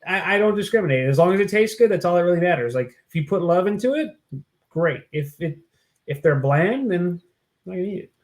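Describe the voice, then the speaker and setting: A man's voice: high voice, animated, a little fast. A man co-hosting a podcast, talking in a laid-back, rambling way with lots of "like" and "you know". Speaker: podcast co-host. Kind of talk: casual chat.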